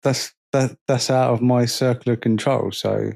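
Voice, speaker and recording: A man co-hosting a podcast, chatting casually and telling lively stories, acting out the people he quotes. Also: mid-range voice, normal speed, creaky. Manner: animated storytelling, acts out quoted people. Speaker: podcast co-host. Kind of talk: casual chat.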